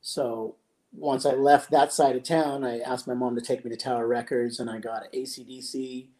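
Mellow, relaxed older man. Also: mid-range voice, moderate pace. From San Jose, California. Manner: relaxed, reflective, with laughs and throat-clearing. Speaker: guest, pro skateboarder. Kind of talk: casual interview storytelling.

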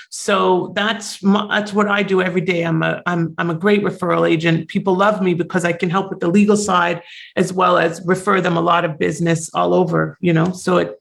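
A man guest on a podcast with a hoarse, raspy voice, talking eagerly and promoting his work over a call. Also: high voice, fairly bright tone. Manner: eager, self-promoting, talks in quick bursts. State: hoarse after illness. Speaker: podcast guest, real estate referral agent. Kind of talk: casual interview talk.

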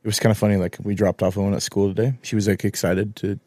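An easygoing man in his thirties talks briskly in a casual podcast chat, laughing often. His voice sits low and the recording is dry and close. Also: level tone, a little mellow, no room sound. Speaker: podcast co-host.

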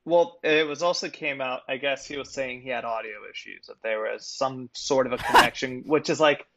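A man co-hosting a casual sports chat, talking in an animated way and swearing freely. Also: mid-range voice, normal speed, lo-fi sound. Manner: animated, swears freely, laughs between points. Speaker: podcast co-host.

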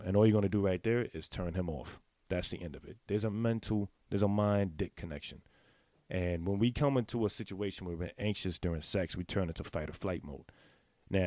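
A man in a casual, candid monologue, talking straight to his viewers in blunt, profane slang and clearing his throat now and then. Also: fairly low pitch, dark tone, dry recording, studio quality. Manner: confessional, speaks to the audience directly. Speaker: vlogger giving sex advice.

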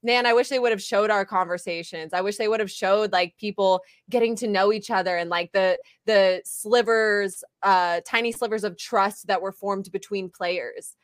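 A woman's voice: medium pitch, moderate pace, hardly any pauses, dry recording. Bubbly woman, dry close sound. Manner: upbeat, filler-heavy, describes herself as bubbly and goofy. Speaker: reality show contestant. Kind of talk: casual interview chat.

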